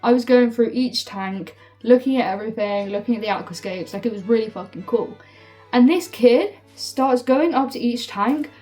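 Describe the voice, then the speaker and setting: A young woman telling a storytime vlog, swearing freely and filling her talk with "like", heated and animated. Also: a little high, normal speed. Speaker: storytime vlogger. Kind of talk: casual storytime rant. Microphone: phone. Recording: phone mic from a distance with faint music.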